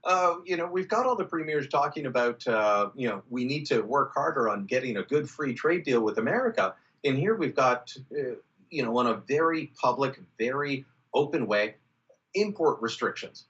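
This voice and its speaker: A man's voice: medium pitch, lively intonation, normal speed, fairly bright tone. A man giving emphatic, opinionated political commentary over a video call, with frequent "uh" and "you know". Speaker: political contributor. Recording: muffled video-call audio.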